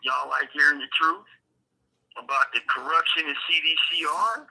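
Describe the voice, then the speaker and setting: A man co-hosts a live chat over a phone call from a prison cell. He talks in loose, fired-up slang and keeps urging listeners on. His voice comes through very bright and forceful, with a slightly raised pitch. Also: fairly even intonation, moderate pace, vocal fry. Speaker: co-host. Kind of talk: casual live-stream chat.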